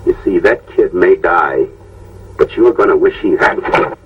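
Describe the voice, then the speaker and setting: An actor playing a determined cop who speaks slowly and threateningly in an old film. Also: male voice, low-pitched, lively intonation, husky, exaggerated voice. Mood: grim. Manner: slow and threatening. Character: grim, determined middle-aged cop. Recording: old film sound, distant mic, faint noise.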